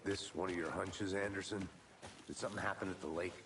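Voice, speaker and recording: A dry, skeptical male FBI agent from a video game, as an actor plays him. His voice sits very low and sounds distant from the mic, with steady background noise. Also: fairly quick, natural voice. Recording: distant, noisy game audio.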